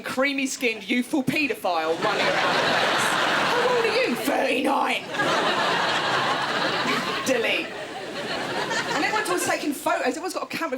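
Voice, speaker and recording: A woman's voice: high-pitched, background noise. A woman in her thirties doing a chatty, self-mocking stand-up comedy set on a TV studio stage. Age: 30s.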